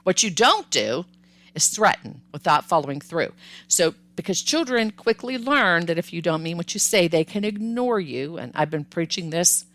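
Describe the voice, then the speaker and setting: A woman's voice: on the low side, expressive, moderate pace, a bit bright. A woman hosting a parenting podcast, giving upbeat, conversational advice and sometimes acting out what parents and children say. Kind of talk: solo podcast advice talk.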